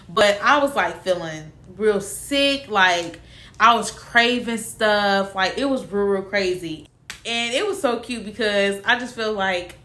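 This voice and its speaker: Young woman, bright voice, chatty storytelling in an echoey room. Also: mid-range voice. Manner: animated, acts out quotes of family. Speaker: vlogger. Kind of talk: casual storytelling.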